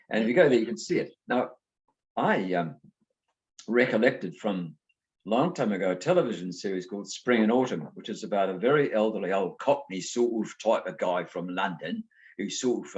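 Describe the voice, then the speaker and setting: A middle-aged man from New Zealand chats as an interview guest, his low voice swinging widely as he tells stories. The sound is dull and lo-fi, like a remote call. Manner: animated storyteller, acts out voices in anecdotes. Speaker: guest author. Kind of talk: conversational interview.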